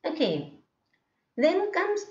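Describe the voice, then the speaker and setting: A woman with an Indian English accent teaching pronunciation at a slow, patient pace. She draws out each vowel sound and keeps checking in with her students. The recording is dull and lo-fi, and her voice echoes in the room. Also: extremely high pitch, wildly swooping pitch, a little mellow. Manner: slow, drawn-out modelling of vowel sounds with frequent "okay?". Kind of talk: lecture on English phonetics.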